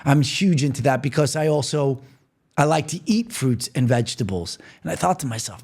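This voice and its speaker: A man's voice: medium pitch, animated, moderate pace, a little mellow. A man from New York hosting a podcast, talking earnestly and repetitively straight to the listener in a motivational monologue. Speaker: podcast host.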